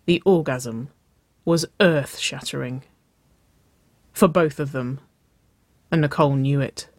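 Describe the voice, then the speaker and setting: Slow, hushed fiction reader. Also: medium pitch, no room sound. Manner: slow, soft, hushed storytelling. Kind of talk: intimate fiction narration.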